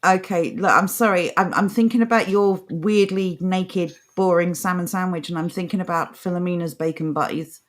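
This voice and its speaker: A woman's voice: lowish voice, steady tone, normal speed, few pauses. Blunt, scornful woman podcast co-host. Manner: blunt, scornful, laughs often. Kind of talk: casual opinionated chat, reading an article aloud.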